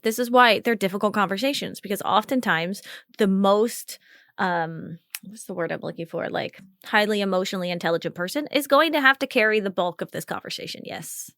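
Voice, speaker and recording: A woman's voice: mid-range voice, brisk, fairly bright tone, no echo, clean studio sound. A woman hosting a live coaching call, chatty and encouraging, laughing often as she guides the talk. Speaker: podcast host and communication coach.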